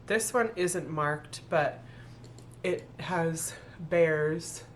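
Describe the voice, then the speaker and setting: A middle-aged thrift reseller vlogger with a lowish voice casually talks through her thrift finds in a haul video. She thinks aloud, corrects herself as she goes, and draws out her words, with a faint room hiss underneath.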